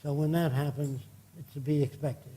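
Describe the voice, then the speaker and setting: Older male lecturer, outspoken and cursing, warm dark voice. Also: on the high side, fairly even intonation, normal speed, slight background noise. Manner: blunt, indignant, cursing. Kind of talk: public lecture with Q&A.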